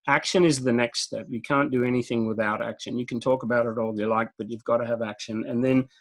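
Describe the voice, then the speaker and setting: An Australian man, a guest in a casual interview, speaks directly and tells stories, chuckling often. His medium-pitched voice is steady and fast, and the recording is rough.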